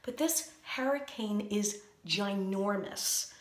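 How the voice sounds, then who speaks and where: A woman's voice: medium pitch, slow pace. A woman doing a comic vlog monologue, anxious and rambling, with a sarcastic edge, recorded in a small bathroom. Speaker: comedian. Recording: echoey bathroom.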